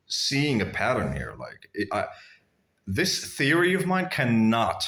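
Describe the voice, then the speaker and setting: A man's voice: mid-range voice, wildly swooping pitch, slow pace, a bit bright. A man telling blunt, crude personal stories to his viewers in a rambling, casual way, calling them guys. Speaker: vlogger. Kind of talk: casual storytelling to camera.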